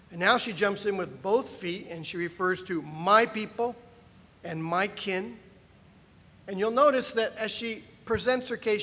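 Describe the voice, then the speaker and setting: Man, pastor preaching a sermon, high-pitched, animated and emphatic, long echo of a church hall.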